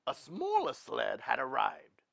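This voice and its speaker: A man reading a storybook aloud in an animated, expressive way. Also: mid-range voice, measured pace, creaky, dry recording, studio quality.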